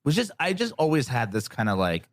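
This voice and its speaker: A man's voice: mid-range voice, wildly swooping pitch, a little fast, no room sound. A podcast guest tells a story in a casual, sarcastic way, dropping profanity as he gets fired up. His voice sits in the middle range, and it's recorded dry and close with no room sound.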